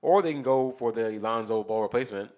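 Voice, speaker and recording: A medium-pitched man with a darkish tone co-hosts a podcast, talking sports at a brisk clip. He's casual and rambling, thinking aloud and backing up to restart.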